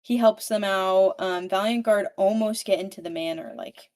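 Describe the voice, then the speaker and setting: Woman, mid pitch, casual book-podcast recap, swears freely, leans on "like", animated retelling. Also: normal speed. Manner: swears freely, fills speech with "like"; animated storyteller, paraphrasing characters.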